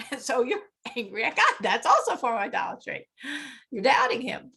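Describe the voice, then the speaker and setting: A woman's voice: high voice, very animated, fairly quick, gravelly, bright, forceful tone, husky. A middle-aged woman teaching a women's class on faith, speaking animatedly and acting out inner voices with frequent laughs. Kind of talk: lecture with group discussion.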